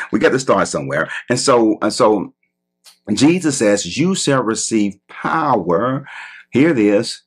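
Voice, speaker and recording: Husky low-voiced man preaching slowly. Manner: preaching with long drawn-out emphatic phrases. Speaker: pastor. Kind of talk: sermon.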